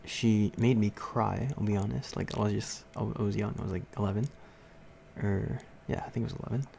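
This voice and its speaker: A man's voice: fairly low pitch, steady tone, a little fast, gravelly, dark tone, a little hiss or hum. A young man hosting a livestream, casually telling a story to his chat with lots of fillers and frequent laughs. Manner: rambling, laughs often, many fillers. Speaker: livestream host.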